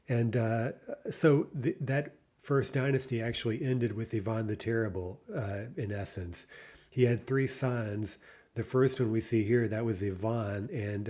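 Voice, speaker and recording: Man, low-pitched voice, language teacher, patient explanations, pauses to think, checks in with the listener. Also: warm tone. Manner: thinks aloud with frequent "uh" pauses. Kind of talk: recorded language lesson.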